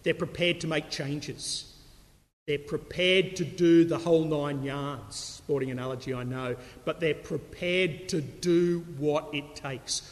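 Preacher in a reverberant hall. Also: male voice, on the high side, unhurried. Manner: conversational, digressive, emphatic. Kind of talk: sermon.

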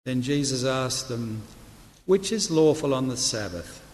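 Preacher, New man, unhurried measured sermon delivery, long church-hall reverb. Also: medium pitch, expressive. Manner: slow, measured reading with quiet, soft delivery of quoted words. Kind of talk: sermon with scripture reading.

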